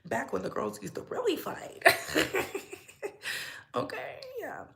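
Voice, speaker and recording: A woman's voice: mid-range voice, wildly swooping pitch, slow, creaky, a bit bright. A young adult woman hosting a casual gossip livestream, chatty and sassy, greeting her viewers by name and laughing often. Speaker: livestream host.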